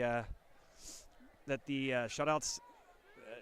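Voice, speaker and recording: A man with a stuffy nose and nasal voice calling high school football play-by-play, getting louder on big plays. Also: brisk. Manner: energetic play calls, rising on big plays. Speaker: play-by-play announcer.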